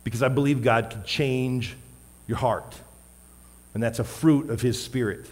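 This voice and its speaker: A man preaching a sermon as a pastor, wearing a microphone, emphatic, with loud stressed words and quiet asides. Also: mid-range voice, unhurried. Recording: long hall reverb.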